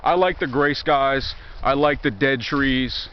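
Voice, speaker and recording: A man's voice: medium pitch, takes it slowly, few pauses, highs cut off, a little hiss or hum. A young man with a Virginia country accent rambles, swearing and sarcastic, as he walks outdoors. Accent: Southern American, Virginia. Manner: profane, joking and sarcastic. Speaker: vlogger. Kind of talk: rambling walk-and-talk monologue. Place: outdoors in woods near a highway.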